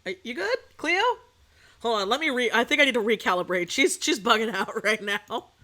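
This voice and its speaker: Speaking briskly in a fairly high voice, a young woman VTuber streaming from home rants her way through a story. She's casual and lively, swearing a lot and bursting out suddenly.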